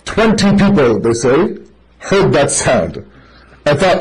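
A man preaching a sermon to a gathered audience, animated and speaking directly to his listeners as brother, telling stories to make his points. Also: fairly high pitch, moderate pace, low-quality recording.

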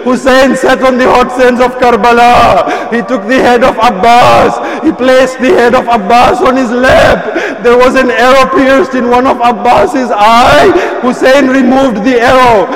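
A man's voice: extremely high pitch, fairly bright tone. A man delivering a mournful sermon recitation as a majlis preacher, lamenting and crying out names, his voice breaking with sobs. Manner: lamenting, calls out names in a rising cry. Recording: echoey hall with long reverb.

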